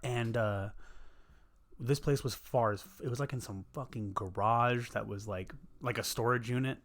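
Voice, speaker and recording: A man's voice: medium pitch, normal speed. A young man, telling a rambling, profane story in a casual podcast chat. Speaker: podcast host.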